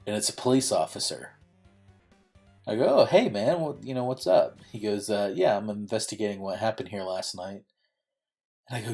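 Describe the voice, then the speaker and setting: A young man telling a long story while playing a game, rambling with lots of fillers and frequent laughs. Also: lowish voice. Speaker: gaming YouTuber.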